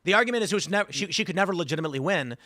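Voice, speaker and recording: A man hosting a casual political panel, telling animated stories and acting out quotes. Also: sits high, very fast, no room sound, studio quality. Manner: animated storyteller, acts out quotes. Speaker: host.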